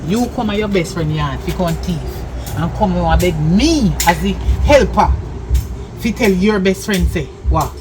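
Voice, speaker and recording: An actress playing a bossy, scolding house helper, with a Jamaican accent, commanding in patois. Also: female voice, fairly low pitch, animated, normal speed, music in the background, natural voice. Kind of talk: Jamaican movie acting.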